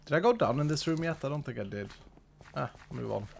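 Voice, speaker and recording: A man's voice: medium pitch, animated, fairly quick, vocal fry, darkish tone, slight background noise. A man streaming a game live, thinking aloud and answering his chat in easy commentary. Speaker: streamer playing a modded block game.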